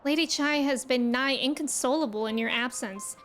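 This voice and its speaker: A poised young noble envoy who speaks with formal courtesy, read aloud by a woman in her own high voice. The lines come from a fantasy game. Faint music sits behind. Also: moderate pace, fairly bright tone. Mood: courteous.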